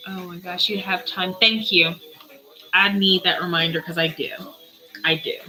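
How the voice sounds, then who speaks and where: A woman with a lowish voice speaks at a moderate pace in a steady tone that is pushed and bright, though the recording is rough. She's a spiritual reader hosting a live Q&A, answering viewers' questions casually in a playful, easily sidetracked way.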